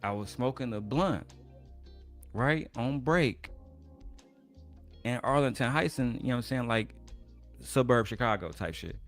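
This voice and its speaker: A man telling a rough personal story in a casual, profane rant, animated and full of streetwise slang. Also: medium pitch, a little slow, pauses often, soft background music.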